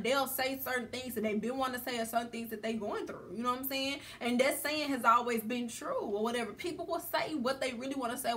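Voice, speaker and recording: Chatty, slangy, high-pitched woman vlogger. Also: fairly bright tone. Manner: chatty and slangy, addresses viewers directly. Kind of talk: casual storytime chat.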